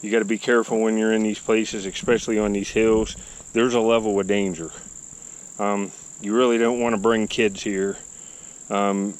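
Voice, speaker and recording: A man with a fairly low voice talks in a relaxed, rambling, folksy way while he films himself outdoors. He is recorded on a camera mic. Crickets and insects are faintly heard behind him. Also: slight background noise, low-quality recording. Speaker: vlogger. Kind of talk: casual outdoor vlog narration. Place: outdoors by a river and an old dump hillside.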